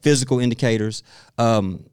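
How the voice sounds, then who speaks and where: A middle-aged man speaking as a guest expert in a podcast interview, telling stories in an animated way and laughing often. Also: mid-range voice, normal speed, clean tone, no echo, clean studio sound.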